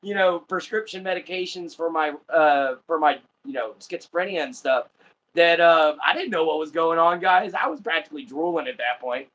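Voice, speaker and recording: A man's voice: on the high side, normal speed, fairly bright tone, rough recording. An American man hosting a casual livestream, chatting and laughing often as he greets viewers. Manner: laughs often, friendly sign-offs. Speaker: livestream host.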